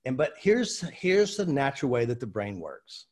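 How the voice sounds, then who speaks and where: Husky man telling stories. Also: mid-range voice, moderate pace. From United States. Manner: animated anecdotal delivery with fillers. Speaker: guest, seminar trainer. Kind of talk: conversational storytelling explanation.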